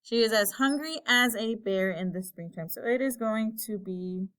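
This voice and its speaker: A woman teacher giving a recorded lesson, explaining slowly and patiently and thinking aloud while she types. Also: a little high, fairly bright tone.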